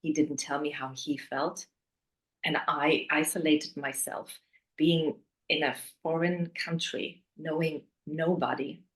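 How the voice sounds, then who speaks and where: A woman interviewed as a guest, candidly telling a painful personal story, often dropping to a hushed voice. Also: low-pitched, steady tone, slow, low-quality recording.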